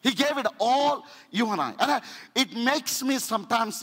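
A man's voice: very high-pitched, expressive, moderate pace, breathy edge. Impassioned preacher man in a hall. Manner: impassioned, swings from loud to hushed; repeats phrases for emphasis. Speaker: pastor. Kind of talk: sermon.

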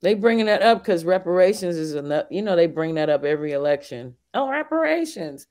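A man's voice: fairly high pitch, fast, a little mellow, clean tone. A man in a casual podcast chat, laid-back and talkative, sharing book facts with light laughs. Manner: laid-back, chatty, nerdy asides, laughs often.

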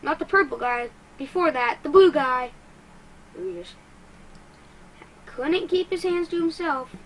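A woman giving excitable let's-play commentary as a gaming YouTuber, quick to get frustrated and poking fun at herself. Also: sits high, slight background noise, rough recording.

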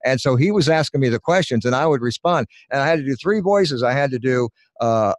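A man's voice: mid-range voice, lively intonation, a little fast, no room sound, clean studio sound. Chatty middle-aged male voiceover artist. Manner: rambling, storytelling, chatty. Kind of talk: casual chat on a live stream.

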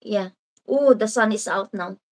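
A woman's voice: mid-range voice, a little slow, rough recording. A woman from the Philippines with a Filipino accent, hosting a casual live stream and chatting through viewer comments in a rambling way, with Filipino words mixed in. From Philippines (Davao). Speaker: livestream host.

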